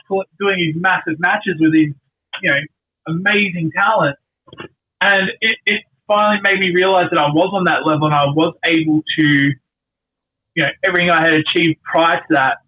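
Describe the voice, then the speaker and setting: A middle-aged man, a wrestler, telling earnest, rambling stories in a casual podcast interview. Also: on the high side. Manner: rambling, earnest storytelling with many fillers. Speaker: guest wrestler. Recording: dull lo-fi sound.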